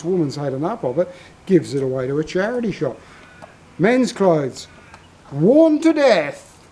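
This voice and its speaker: A man's voice: on the high side, warm tone, slight background noise, poor audio. An older Australian man telling a long story in a casual vlog, drifting off on tangents. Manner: rambling, self-interrupting storyteller. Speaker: vlogger.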